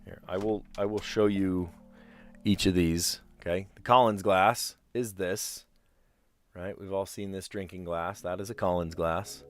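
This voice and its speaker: A man streaming word puzzles chats casually, rambling as he explains where words come from. His low voice is steady and unhurried, with soft background music.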